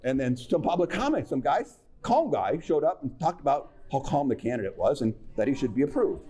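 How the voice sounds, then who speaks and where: A man's voice: medium pitch, very animated, fairly quick, mellow, husky. A man giving a wry, casual recap of a meeting, dry and sarcastic, full of hesitant fillers. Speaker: local politics commentator.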